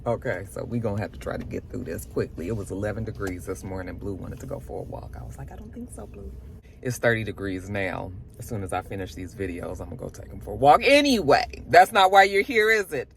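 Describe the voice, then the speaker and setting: A woman vlogger reviewing a TV episode in casual, chatty talk, animated and laughing often, recorded in a home studio. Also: extremely low pitch, quick pace, gravelly, hardly any pauses, slight background noise. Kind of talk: casual chat.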